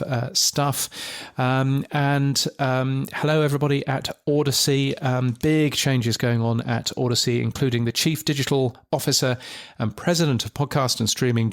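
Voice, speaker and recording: A man hosting a podcast news roundup in a casual, rambling way, full of ums and dry jokes. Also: mid-range voice.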